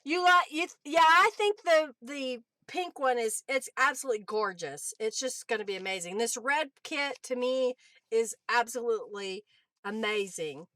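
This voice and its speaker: A woman's voice: fairly high pitch, animated, moderate pace, bright, forceful tone, dry recording. A woman hosting a crafting livestream, chatting easily and answering viewers by name between laughs. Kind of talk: casual livestream chat while crafting.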